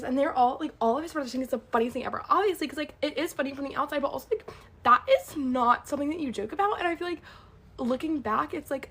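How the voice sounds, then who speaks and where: A woman's voice: high-pitched, a little hiss or hum. A young woman telling a personal story in a casual, rambling way, full of fillers and acted-out quotes. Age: young adult. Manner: rambling, filler-heavy, animated retelling.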